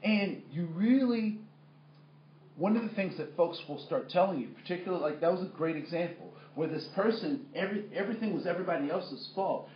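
A man's voice: high-pitched, animated, a little fast, slight background noise. A man leading a workplace training workshop in a conversational way with many fillers, asking the room questions. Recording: echoey room, muffled sound.

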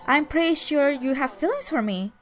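A woman's voice: sits high, animated, normal speed, faint music behind. A woman voicing a troubled young man who is insistently confronting a friend. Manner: insistent, emphatic.

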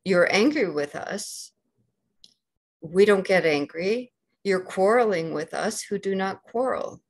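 A woman with a Canadian accent giving a dharma talk as a meditation teacher, gentle and unhurried, pausing often with soft fillers. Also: mid-range voice. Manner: slow and gentle, with many pauses and fillers.

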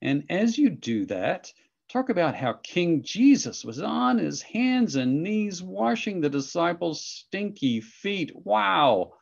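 A man's voice: sits high, sing-song, takes it slowly, vocal fry, darkish tone, husky, muffled recording. A man leading an online children's church lesson with enthusiastic, coaxing talk. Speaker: children's ministry teacher.

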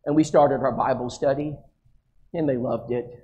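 A male preacher who delivers his sermon as a relaxed, folksy story. His voice sits mid-range, and he acts out the back-and-forth of his conversations. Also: mid-range voice, normal speed, highs cut off. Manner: folksy anecdote, acting out dialogue.

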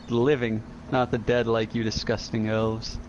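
A man's voice: medium pitch, level tone, normal speed, lo-fi sound, slight background noise, voice pushed down, natural voice. A man playing a sneering, bigoted human adventurer. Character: scornful human male adventurer, bigoted and haughty. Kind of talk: in-character game role-play.

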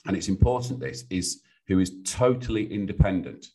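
A middle-aged man with a British accent and a very low voice talks through business stories on a podcast. He tells them with life, slipping into the voices of clients and colleagues. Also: a little fast. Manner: animated storyteller, acts out clients' voices. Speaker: business sounding board. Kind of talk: podcast interview guest.

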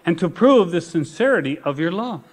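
A male pastor preaching a sermon, reading scripture slowly and building to emphatic repeated phrases. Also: sits high, big pitch swings. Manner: preaching with rising emphatic repetition; reads scripture slowly and deliberately.

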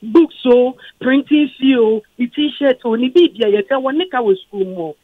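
A woman's voice: a little high, moderate pace, no echo. A Ghanaian woman calling in to a radio show, defensive and explaining at length. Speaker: caller, former guardian. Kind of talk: radio call-in talk. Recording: dull, dry phone line.

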